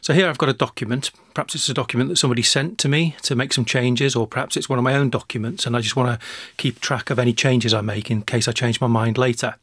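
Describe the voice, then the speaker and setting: A man narrating a screencast software tutorial, talking through each step in a relaxed way with small restarts. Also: mid-range voice, quick pace, few pauses, breathy edge, no room sound.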